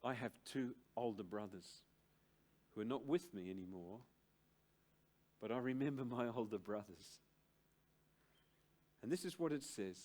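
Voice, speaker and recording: Slow, emphatic older pastor. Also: male voice, on the low side, animated. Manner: slow, emphatic preaching with dramatic pauses and big swings in loudness. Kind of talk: sermon. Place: church service.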